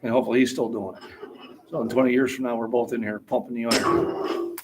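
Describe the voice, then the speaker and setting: A man in his forties hosting a relaxed, talkative gym chat, reading comments aloud. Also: medium pitch, fast, vocal fry, heavy background noise. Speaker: host. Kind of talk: casual chat on a livestream.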